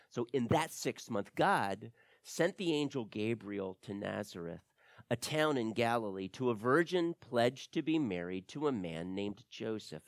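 A man preaching a sermon as pastor, reading scripture aloud with emphatic stresses and soft drops. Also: medium pitch, no echo, studio quality.

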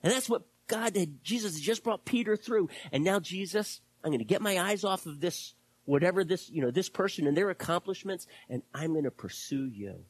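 A man preaching a sermon as pastor, impassioned and then dropping to hushed, whispered prayer. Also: high voice, animated, brisk, hardly any pauses, dry recording.

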